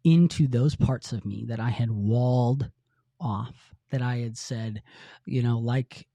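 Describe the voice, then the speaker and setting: A middle-aged man tells his own story on a podcast in an earnest, halting way, often restarting his sentences. His voice is mellow and warm. It is recorded dry on a close mic. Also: medium pitch, no room sound. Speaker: podcast host. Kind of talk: confessional personal storytelling.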